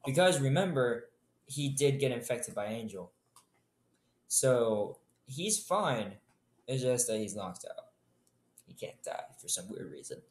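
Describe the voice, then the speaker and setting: A man's voice: mid-range voice, lively intonation, a little slow. A man continuing an improvised zombie story in a casual way, swearing and throwing in sarcastic asides.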